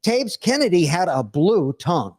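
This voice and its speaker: An older man, a retired school principal, telling animated stories on a live podcast and laughing through them. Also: sits high, normal speed. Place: studio.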